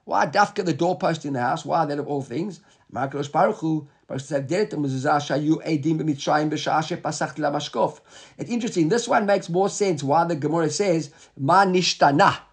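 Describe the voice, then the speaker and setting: A man's voice: a little high, brisk, slightly rough. A man giving a Talmud lesson, reading Hebrew and Aramaic phrases and explaining them in English, often checking in with "right?". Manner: rhetorical questions, repeated "right?". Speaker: Talmud teacher.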